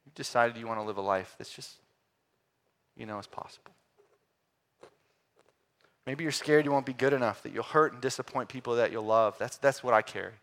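A man preaching a sermon, swinging between loud emphatic lines and quiet, hushed ones. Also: mid-range voice, fast talker, few pauses.

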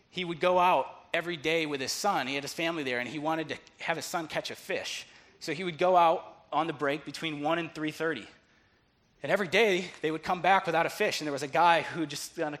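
A man preaching a sermon, telling a story and acting out its dialogue, moving between hushed, quiet passages and loud, excited ones. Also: medium pitch. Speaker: pastor.

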